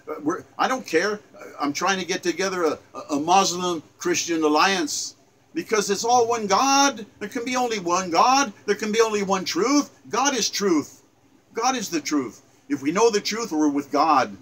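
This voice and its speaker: A man's voice: high-pitched, a bit bright, poor audio. A man in his seventies earnestly reciting his own sonnet, emphatic and repeating phrases with small stumbles. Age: 70s. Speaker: poet.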